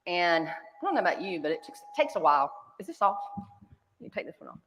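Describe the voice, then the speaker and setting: A woman's voice: fairly low pitch, very animated, fast talker, a bit bright, a little hiss or hum. Chatty Southern woman in reverberant hall. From North Carolina. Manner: chatty, laughing, self-deprecating. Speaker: keynote speaker. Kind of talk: storytelling keynote. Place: large conference hall.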